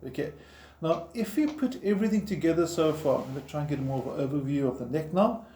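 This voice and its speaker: A man's voice: a little high, lively intonation, fast, mellow. A man teaching a guitar lesson step by step, patiently explaining while he plays and counting in. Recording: roomy echo, guitar playing behind.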